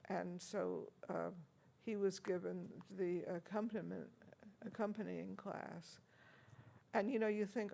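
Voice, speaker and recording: Older lady reminiscing, super gravelly husky voice, chatty with lots of ums and laughs. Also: mid-range voice, fairly even intonation, unhurried, warm tone. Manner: chatty, anecdotal, laughs often, many fillers. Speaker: interviewee, organist. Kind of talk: reminiscing interview. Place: university room.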